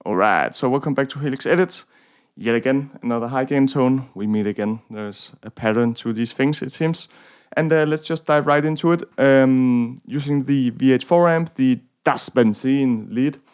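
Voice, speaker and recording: Young danish guy w/ danish accent, smooth clear voice, chatty guitar gear walkthrough, lots of ums. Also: medium pitch, moderate pace. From Denmark. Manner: rambling, many fillers, self-deprecating jokes. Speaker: guitar tone tutorial host.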